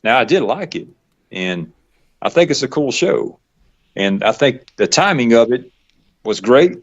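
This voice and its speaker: A man with a Southern accent from the Atlanta area, chatting casually in a rambling, halting way with frequent laughs. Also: medium pitch, sing-song. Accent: Southern US, Georgia. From Georgia, US South. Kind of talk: casual chat. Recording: dull lo-fi podcast audio.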